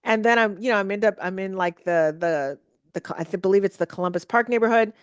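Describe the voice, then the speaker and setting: A woman's voice: medium pitch, fast, clean tone, no room sound, highs cut off. Rambling woman host, dry close sound. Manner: rambling, many fillers and restarts. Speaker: podcast host. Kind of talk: casual solo podcast chat.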